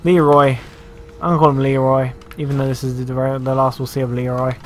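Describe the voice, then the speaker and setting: A man's voice: mid-range voice, flat delivery, a little fast. A man giving casual, joking and sarcastic commentary while playing a video game. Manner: joking, sarcastic, self-mocking. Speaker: gameplay commentator.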